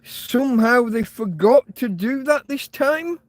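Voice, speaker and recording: A man's voice: very high-pitched, lively intonation, takes it slowly, no echo. An English man hosting his own podcast, ranting angrily and swearing, close to tears. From England. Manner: agitated, swearing, near tears. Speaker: podcast host. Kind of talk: angry ranting monologue.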